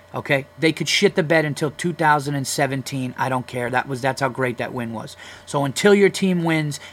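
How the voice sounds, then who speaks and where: A man's voice: a little high, a bit bright. A man, hosting a casual solo podcast, ranting bluntly and swearing freely about sports fans. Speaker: podcast host.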